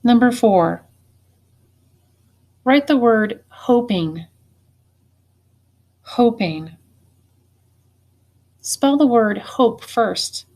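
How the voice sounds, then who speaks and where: A woman teacher giving a spelling test, saying each word slowly and deliberately and then saying it again. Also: medium pitch, darkish tone. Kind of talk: slow spelling dictation.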